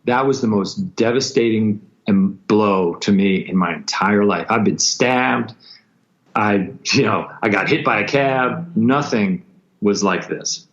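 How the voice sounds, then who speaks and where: Low guy telling war stories on a podcast, keeps restarting, kinda muffled sound. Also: a bit bright. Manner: intense, halting storytelling with many restarts and quoted voices. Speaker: guest musician. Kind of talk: storytelling in a podcast interview. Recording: dull lo-fi sound.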